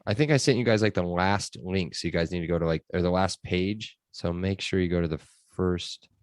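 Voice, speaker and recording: A podcast host with a very low male voice runs a casual sports show, talking in a loose, chatty manner full of fillers. His delivery is brisk, and the sound is dry and close-miked with no echo.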